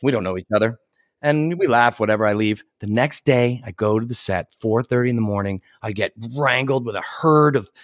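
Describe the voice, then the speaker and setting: A man's voice: mid-range voice, no echo, studio quality. A middle-aged man, an actor, telling casual stories in a chatty way, laughing often and acting out what people said. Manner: chatty, laughs often, acts out quoted voices. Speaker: actor guest. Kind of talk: casual anecdotal storytelling.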